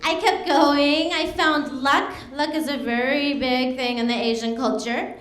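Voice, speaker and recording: High-pitched comedian lady, bouncy and jokey, laughing at her own bits, echoey club. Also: steady tone, a little slow, a bit bright. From United States. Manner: bubbly, laughs at her own jokes, acts out voices. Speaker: stand-up comedian. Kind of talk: stand-up comedy set.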